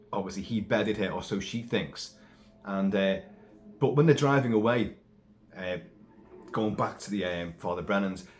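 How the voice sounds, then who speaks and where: A man casually recapping a horror film plot, rambling and animated, with frequent restarts and swearing. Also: mid-range voice. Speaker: film reviewer.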